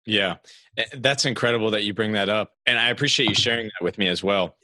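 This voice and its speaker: A man's voice: fairly low pitch, quick pace, pushed and bright, no echo. A man hosting a podcast, asking earnest, encouraging interview questions. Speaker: podcast host.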